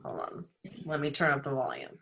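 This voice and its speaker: A woman's voice: deep voice, big pitch swings, a little fast, creaky, a bit bright, slight background noise. A woman in casual video call chat with her book club, rambling and searching for words.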